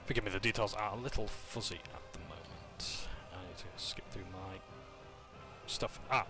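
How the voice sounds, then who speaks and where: A man's voice: on the low side, normal speed, over music. A man casually recapping a tabletop game session, joking and correcting himself as he goes. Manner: casual, with fillers, jokes and self-corrections.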